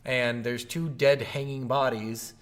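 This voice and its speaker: A man's voice: mid-range voice, steady tone, unhurried, fairly bright tone. A man co-hosting a casual video game review podcast, rambling, swearing freely and acting out quotes. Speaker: podcast co-host.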